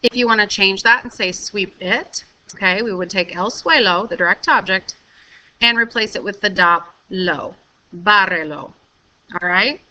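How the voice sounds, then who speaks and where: A woman's voice: medium pitch, normal speed, bright, forceful tone, poor audio. A woman teacher giving a recorded video lesson, explaining step by step and often checking in with "okay?". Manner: clear step-by-step instruction, frequent "okay?" checks. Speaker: Spanish teacher.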